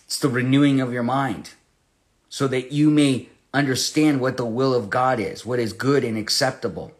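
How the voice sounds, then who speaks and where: A man teaching verse by verse through a Bible passage, impassioned and conversational, rising to loud emphasis and dropping to hushed storytelling. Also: medium pitch, fairly even intonation, moderate pace.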